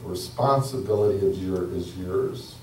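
A pastor voicing a stern Roman governor. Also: male voice, low-pitched, moderate pace, a little mellow, slight background noise, pitched below the performer's own voice, natural voice. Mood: insistent. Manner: questioning, insistent. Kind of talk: sermon retelling of a scripture story. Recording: roomy hall from a distance.

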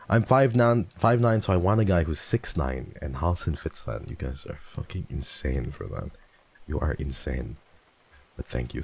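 A man's voice: very deep voice, big pitch swings, normal speed, creaky, mellow, husky. A man streaming live and chatting casually with his viewers, playful and teasing, swearing freely and slipping into theatrical voices. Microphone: desk microphone.

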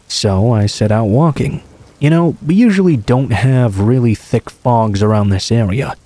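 A man reads true scary stories aloud with a mellow, dark tone. His telling is steady and casual, like a friend recounting something that happened to him. The voice sits close and dry, with no room sound around it. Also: mid-range voice, no room sound. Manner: steady, casual first-person storytelling. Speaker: horror story narrator.

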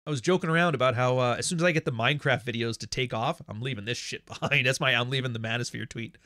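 Male livestream host, mid pitch, blunt and profane, animated storyteller, dry close sound. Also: fast talker, dry recording. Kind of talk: casual livestream monologue.

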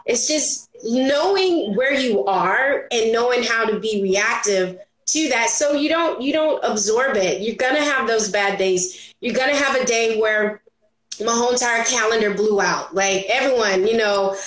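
A woman entrepreneur telling stories as a guest in an interview, expressive and quick to act out the voices of people she quotes. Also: on the high side. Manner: expressive, acts out quoted voices, laughs often. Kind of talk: animated storytelling interview. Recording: roomy echo.

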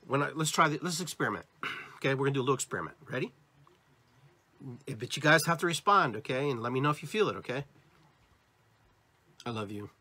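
Husky emphatic male podcast host. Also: medium pitch, bright, forceful tone. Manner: emphatic and repetitive, addresses listeners directly; acts out different tones of voice as examples. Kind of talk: motivational spiritual talk.

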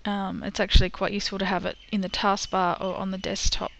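A woman teaching a screen-recorded software tutorial, patient and step by step, with frequent ums. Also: mid-range voice, level tone, a little fast, vocal fry, muffled recording.

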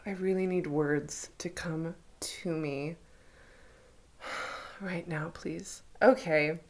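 A young woman vlogging a reaction to a trailer, excitable and gushing, with casual swearing. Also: low-pitched, very slow, slight background noise.

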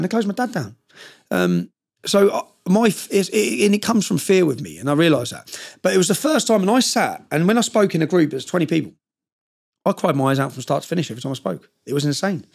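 A man's voice: high-pitched, gravelly, darkish tone, slightly rough. A middle-aged man telling personal stories as a podcast guest, emotional and blunt, swearing often. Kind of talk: candid personal storytelling.

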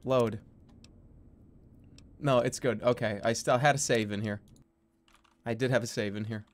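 A man's voice: mid-range voice, fairly even intonation, unhurried. A young adult man streaming a game in casual commentary, laughing often, exclaiming and swearing freely.

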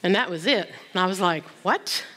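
A woman in her sixties with a fairly low voice gives a Bible teaching talk at a women's conference. She is conversational and often turns to her listeners as she speaks. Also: quick pace, fairly bright tone.

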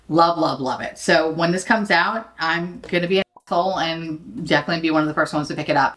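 A woman in her late thirties talks casually through a beauty vlog, brash and foul-mouthed and quick to mock herself. Her pitch leaps around from phrase to phrase, full of animated swings. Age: late 30s. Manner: brash, profane, self-mocking, laughs often. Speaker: beauty vlogger. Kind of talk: casual chat.

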